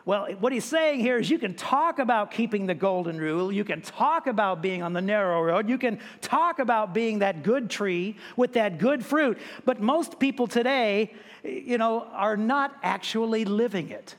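A man with a high voice delivers a sermon in an emphatic, repetitive way. He lifts his voice when he reads scripture aloud. A long reverb trails behind him, as in a large hall. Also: animated, normal speed. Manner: emphatic, repeats words, quotes scripture with a raised voice. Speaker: pastor.

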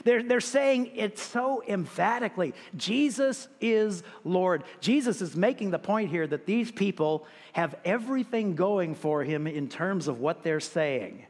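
A man's voice: high-pitched, lively intonation, measured pace, hardly any pauses, long reverb tail. A pastor preaching a sermon, emphatic, repeating words and raising his voice when he quotes scripture.

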